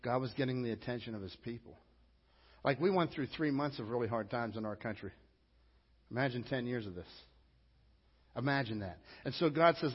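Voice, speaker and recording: A man's voice: mid-range voice, expressive, a little fast, long pauses, breathy edge. A male pastor delivering a sermon in an emphatic, conversational way. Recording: lo-fi with long hall reverb.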